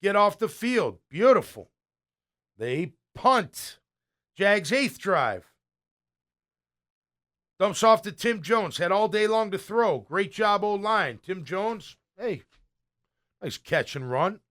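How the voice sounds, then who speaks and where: A man hosting a sports show, giving a casual play-by-play review of game film. He is excitable and blunt, swinging between loud praise and muttered asides. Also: high voice, slow pace, long pauses. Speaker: radio show host breaking down game film.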